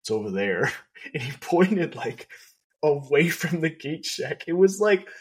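A man's voice: on the high side, takes it slowly, slightly rough. A man co-hosting a podcast, telling a story in a casual way with lots of fillers and laughs. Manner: laughs often, lots of fillers, animated retelling. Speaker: podcast co-host.

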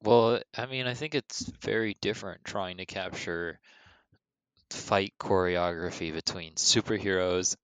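A man's voice: deep voice, steady tone, unhurried, a bit bright, smooth, no room sound, poor audio. A young man co-hosting a podcast in casual chat, laid-back, often answering in short agreeing remarks. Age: young adult. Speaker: podcast co-host.

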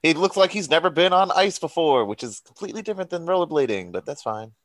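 A man's voice: on the high side, expressive, fast talker, no echo. A young man chatting casually about a movie, making wry, dismissive remarks and swearing now and then. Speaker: podcast co-host. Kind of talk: casual chat.

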